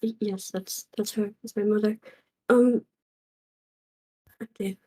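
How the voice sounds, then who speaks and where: A woman playing her character in a tabletop game, speaking hesitantly and apologetically with many pauses and fillers. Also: medium pitch, steady tone, dark tone, poor audio. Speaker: player voicing a tiefling character. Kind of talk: in-character tabletop role-play.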